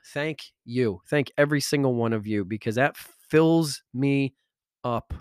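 A man's voice: mid-range voice, a little slow, clear, resonant tone, dry recording. Emotional storytelling man, dry sound. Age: adult, father of school-age kids. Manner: animated, repeats words when moved, laughs often. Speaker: self-help author and speaker.

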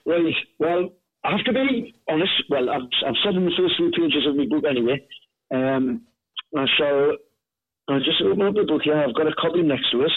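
A man tells a ghost story, his husky voice coming down a thin, tinny phone line with no room sound around it. He talks in an animated way, stumbling over and repeating words as he gets into it. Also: fairly high pitch, normal speed, dry recording. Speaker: author and paranormal investigator, guest. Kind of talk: conversational storytelling.

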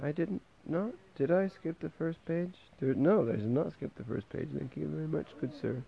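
A man reading a bedtime story aloud to a toddler at home, gentle and lilting, stopping to chat with the child between pages. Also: a little high, normal speed, gravelly, slightly rough, muffled recording.

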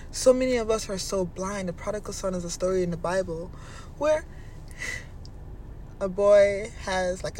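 A man giving a casual motivational monologue, animated and self-assured, talking in quick bursts about mindset. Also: sits high, slight background noise. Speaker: self-help speaker.

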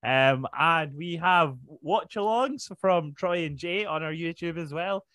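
A man's voice: a little high, unhurried, pushed and bright, no room sound. A man hosting a wrestling podcast, casually plugging the show and joking, sometimes stumbling over details. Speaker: podcast host.

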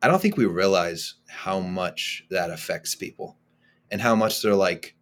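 A man with a very low voice talks as a podcast guest. He speaks casually and with emphasis and often stumbles and repeats words as he gets going. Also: a little slow. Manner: animated, emphatic, repeats words when starting thoughts. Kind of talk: casual conversational interview.

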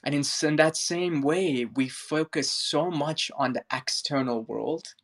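A man giving a spiritual talk in an online audio room, telling a parable earnestly with slow, emphatic stresses, on a phone mic. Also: fairly high pitch, a bit bright. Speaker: spiritual speaker.

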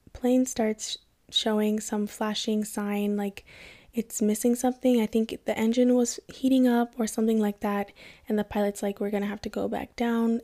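A young woman from Kenya telling a personal story in a casual vlog, acting out the voices of the people she quotes. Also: on the high side. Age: young adult. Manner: animated, acts out quoted voices. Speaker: vlogger.

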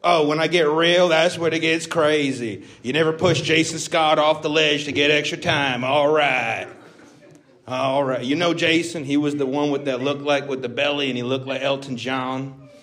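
A man's voice: on the high side, steady tone, normal speed, fairly bright tone, lightly acted. A male comedian voicing a crude, rambling Texas redneck character on stage. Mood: mock-friendly. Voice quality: crude, drawling, self-mocking patter. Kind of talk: stand-up character bit.

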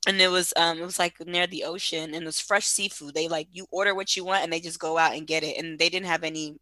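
A woman's voice: fairly low pitch, fairly even intonation, fast, sharp tone, dry recording. A woman from West Africa, a guest in a casual conversation, chatty and laughing often as she talks to listeners.

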